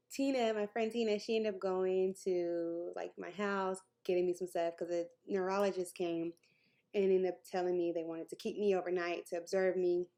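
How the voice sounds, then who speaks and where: A woman's voice: lowish voice, mellow. A young woman tells a personal story to her camera in a loose, chatty way. She laughs often and slips into the voices of the people in her story. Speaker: vlogger telling her story. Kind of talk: casual storytime vlog.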